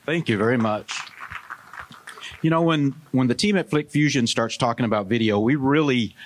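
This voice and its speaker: A man speaking at a conference, starting his talk in a relaxed way. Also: mid-range voice, moderate pace. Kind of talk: opening a talk.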